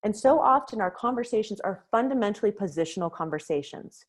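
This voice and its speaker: A woman leading a webinar on conflict resolution, explaining ideas clearly and telling a story to make her point. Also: medium pitch, fast, hardly any pauses. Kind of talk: webinar lecture. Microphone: webinar microphone.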